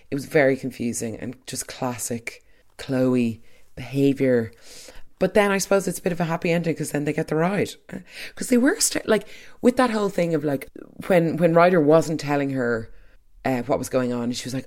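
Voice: medium pitch, lively intonation, fairly quick. A speaker giving an opinionated, chatty recap of a soap episode, trailing off into asides.

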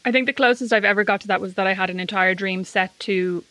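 A woman co-hosting a podcast with her sister, chatting casually and teasing her with deadpan jokes. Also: medium pitch, fast talker, no room sound. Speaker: podcast co-host. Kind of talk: casual chat.

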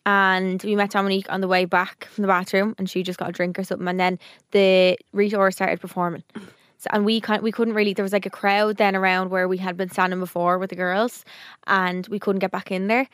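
A young woman co-hosting a podcast, telling a story in animated casual chat with quick asides and swearing. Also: medium pitch, clear, resonant tone, no room sound, studio quality. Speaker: podcast co-host.

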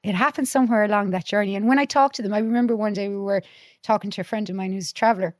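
A woman's voice: medium pitch, very fast, no room sound, studio quality. A middle-aged woman, a podcast guest, chatting earnestly and telling stories with many restarts. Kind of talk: casual conversation.

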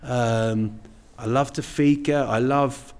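Middle-aged male comedian, casual guest chat, meandering, full of "you know", mid-pitched voice. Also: steady tone, slow pace. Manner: rambling, self-deprecating, many "you know"s.

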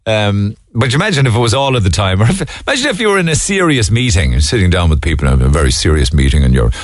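A middle-aged man with a Cork Irish accent hosting a radio phone-in, chatty and relaxed. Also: on the low side, quick pace, no room sound. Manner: chatty, relaxed, laughs easily. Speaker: radio talk show host. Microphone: studio mic.

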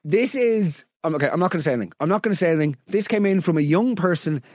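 A man's voice: fairly high pitch, animated, fast talker. An Irish man with a Dublin accent, hosting a comedy podcast and reading out listener stories. He rants with exasperated, sarcastic disbelief and swears freely. The sound is dry and close, with no room echo. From Ireland. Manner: exasperated, sarcastic, profane ranting. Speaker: podcast host.

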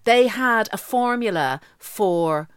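Lively Irish woman co-hosting a podcast. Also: medium pitch, slow, clean tone, dry recording, clean studio sound. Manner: chatty, laughs often, explains with enthusiasm. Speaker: podcast co-host. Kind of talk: casual chat.

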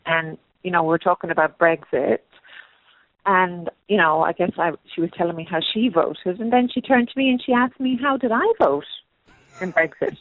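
A woman's voice: lowish voice, moderate pace, dry recording. Irish woman chatting over a tinny phone line. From Ireland. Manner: hesitant, many fillers, laughs often. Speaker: guest. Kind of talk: casual chat.

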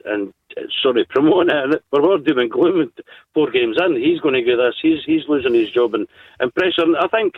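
A man's voice: mid-range voice, no echo. A man phoning in to a football radio show, hesitant and stumbling over his words. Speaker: caller. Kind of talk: phone-in call. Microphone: phone. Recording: tinny phone line.

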